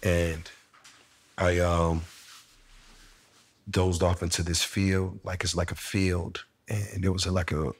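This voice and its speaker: A middle-aged man in a candid conversation, telling a personal story slowly and reflectively with casual slang. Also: deep voice, level tone, slightly rough. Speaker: interviewee sharing a personal story.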